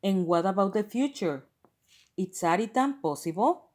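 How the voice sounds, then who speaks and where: Woman doing scripted narration for a ranking vid, steady list-reading, mid pitch. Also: moderate pace. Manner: steady read-out of chart facts and lists. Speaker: YouTube channel narrator.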